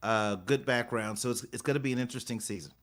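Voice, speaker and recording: Middle-aged male podcast co-host, mid-pitched voice, frank and quick to laugh. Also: fairly bright tone. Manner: laughs often, frank opinions. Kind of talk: casual chat.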